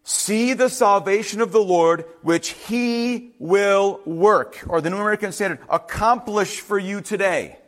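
A male pastor preaching with a fairly high, bright-toned voice. He is animated and conversational, slipping into the voices of the people he quotes and tossing in casual asides. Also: unhurried, hardly any pauses. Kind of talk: sermon.

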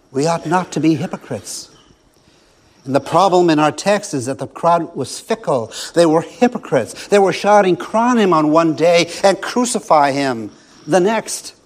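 A man preaching a sermon, his voice sitting a little higher than most men's. He builds his points through repetition and slows down to land each line with emphasis. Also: a little mellow, breathy edge. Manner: rhetorical repetition with slow, emphatic pauses.

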